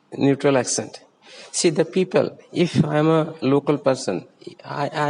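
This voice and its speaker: A man's voice: a little high, creaky, darkish tone, big-room sound, rough recording. A man with an Indian accent, a native Hindi speaker, teaching English pronunciation patiently and repeating sample words. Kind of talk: explanatory lesson.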